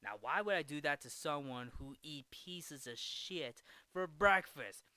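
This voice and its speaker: A man voicing a hot-tempered, cocky male golfer in a quick mocking impression while recapping a film. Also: on the high side, expressive, sharp tone, clear, resonant tone, no echo.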